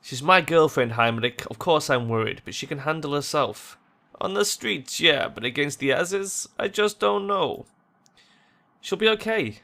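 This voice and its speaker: A man's voice: fairly high pitch, animated, moderate pace, gravelly, sharp tone, heavily acted. A man reading game dialogue aloud, voicing a worried young woman who is putting on a brave face. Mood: worried, defiant.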